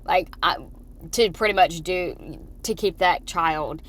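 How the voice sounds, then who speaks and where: A woman's voice: on the low side, slow, fairly bright tone, slight background noise. A woman vlogger ranting and swearing while she drives, talking into her phone. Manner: swearing, heated and rambling. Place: in a car.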